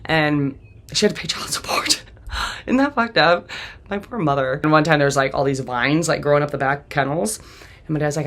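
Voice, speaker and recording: A woman in her forties tells her own life story as a podcast host. Her voice is gravelly, with plenty of vocal fry. She talks bluntly and with swearing, often laughing through painful memories. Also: sits low, normal speed, fairly bright tone. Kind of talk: candid personal storytelling.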